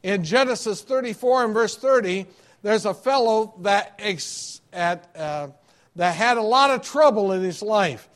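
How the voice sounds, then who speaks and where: High-voiced man preaching emphatically. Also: animated, measured pace. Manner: emphatic preaching, stressing repeated words; earnest, with a lowered voice in prayer. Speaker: pastor. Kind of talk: sermon. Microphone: wearing a microphone.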